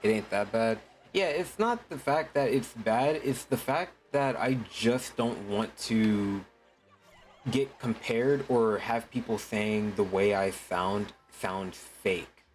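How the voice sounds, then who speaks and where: A man's voice: lowish voice, slight background noise. Rambling, cursing male streamer. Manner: rambling, many restarts and swearing; uses a deliberately put-on streaming voice. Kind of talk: casual livestream chat.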